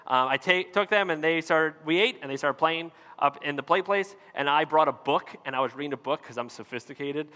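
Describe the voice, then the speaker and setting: Bright, chatty pastor in a reverberant hall. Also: male voice, fairly high pitch, a little fast, few pauses. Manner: conversational and self-mocking, acting out his kids' voices. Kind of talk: storytelling sermon.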